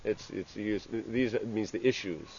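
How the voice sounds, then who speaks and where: A man giving an informal scripture class. He speaks haltingly, restarting phrases and tagging lines with "you know". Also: fairly low pitch, vocal fry, darkish tone. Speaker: religious teacher. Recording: dull lo-fi with faint ambient hiss.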